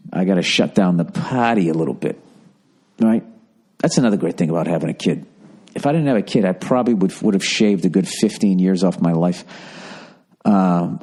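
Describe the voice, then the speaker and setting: A man's voice: sits low, mellow. A man in his forties hosting a solo podcast, talking in a rambling, sarcastic and profane way. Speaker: podcast host. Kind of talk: casual solo podcast monologue.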